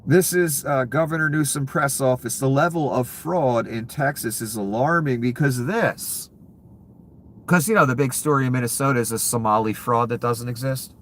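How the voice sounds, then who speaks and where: A man's voice: mid-range voice, normal speed, a bit bright, slight background noise. A man ranting about politics, heated and sarcastic, with frequent profanity. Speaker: political commentator. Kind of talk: angry political rant.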